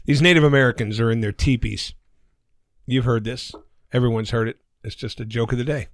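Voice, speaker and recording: A man's voice: medium pitch, fairly even intonation, fairly quick, no echo. A man with a Cincinnati accent co-hosting a podcast, telling crude jokes in a loose casual way. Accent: Cincinnati, Ohio. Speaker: podcast co-host.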